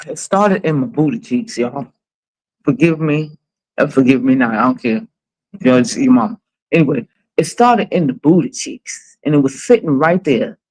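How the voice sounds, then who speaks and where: A woman's voice: deep voice, darkish tone, poor audio. A woman in her forties hosting a livestream, chatting casually with blunt, profane, dramatic storytelling. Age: 40s. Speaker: livestream host.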